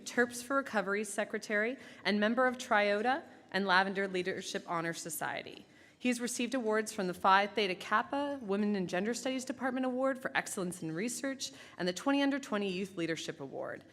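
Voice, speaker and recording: A woman's voice: medium pitch, in a large hall. A woman presenting an award on stage, reading the citation in an enthusiastic way. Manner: warm, enthusiastic, reading from a script. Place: large event hall.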